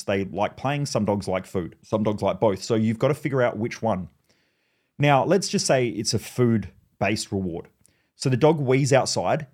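A man hosting a podcast monologue, blunt and profane, telling animated stories. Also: medium pitch. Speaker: podcast host.

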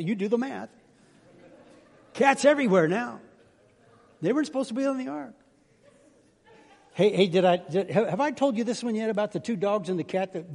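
Older man, pastor, high-pitched voice, chatty joking sermon, long church reverb. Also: a little mellow. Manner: chatty, self-deprecating storyteller, acts out voices in jokes. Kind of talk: folksy sermon with jokes. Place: church sanctuary.

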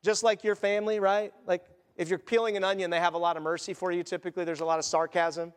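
A man's voice: high voice, level tone, fast talker, big-room sound. A man preaching a sermon as pastor, in a conversational style with asides and acted quotes.

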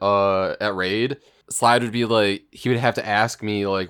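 A man's voice: fairly low pitch, fairly bright tone, clear, resonant tone. A man co-hosting a casual gaming podcast, talking in a hesitant, rambling way. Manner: rambling, hesitant, with fillers and restarts. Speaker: podcast co-host.

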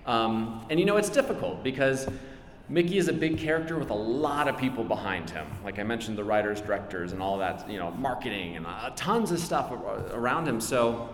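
A man's voice: medium pitch, lively intonation, fairly quick, slight background noise. A middle-aged man and voice actor answering questions at a live convention panel, chatty and self-deprecating, laughing often. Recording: echoey hall with faint crowd ambience.

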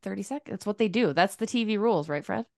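A woman's voice: mid-range voice, lively intonation, quick pace, creaky, dry recording, studio quality. A woman co-hosting a podcast, teasing her co-host and telling funny side stories. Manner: teasing, playful storyteller. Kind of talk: casual chat.

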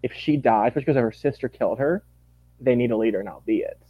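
Podcast guest, man, gushing and lively, lo-fi dry recording. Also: mid-range voice, fast, husky, no room sound. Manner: animated, gushing, acts out quotes. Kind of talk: casual chat.

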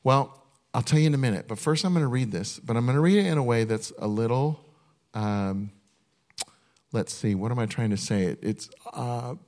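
A male pastor giving a sermon in an earnest, conversational way, often restarting his sentences and slowing down to read a list one item at a time. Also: mid-range voice, a little mellow.

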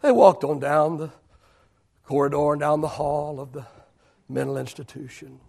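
A man in his fifties preaching a sermon to a church, swinging between loud declarations and hushed whispers. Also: on the high side, normal speed, vocal fry. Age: 50s. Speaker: pastor.

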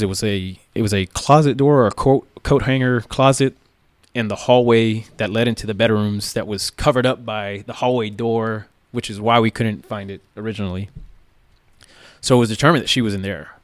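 A man's voice: lowish voice, clear, resonant tone, no room sound, studio quality. A police tactical officer, a man, recounting events in a plain-spoken, casual way with lots of "like" and "right?". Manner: plain-spoken, many fillers like "like" and "right?", occasional swearing.

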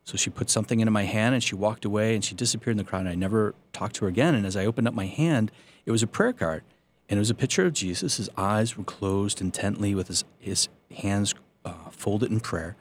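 Low-voiced priest telling his story. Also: fast, slight background noise. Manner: earnest storytelling with self-deprecating humor. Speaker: Catholic priest. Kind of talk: personal faith testimony.

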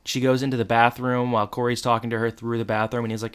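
A man's voice: mid-range voice, fast talker, clear, resonant tone. A man in casual chat, recapping a TV episode and acting out the characters' lines, with some stammering. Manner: animated retelling, acts out quotes, stammers. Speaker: podcast co-host.

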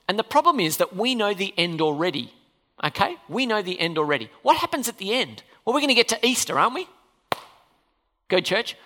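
A pastor preaching a sermon in a church hall, animated and full of questions for the congregation. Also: medium pitch. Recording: long reverb of a hall.

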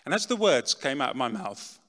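A middle-aged man giving a dramatic personal testimony talk, swinging from loud, pushed lines to hushed ones. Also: mid-range voice, very animated, a little fast. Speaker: speaker telling his testimony. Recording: long reverb in a large hall.

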